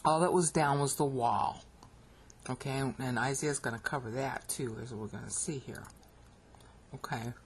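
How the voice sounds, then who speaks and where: A little hiss or hum sits under this recording of an American Bible teacher narrating a screen-recorded lecture. They speak at a moderate pace in a medium pitch, frequently checking in with "okay?" as they explain.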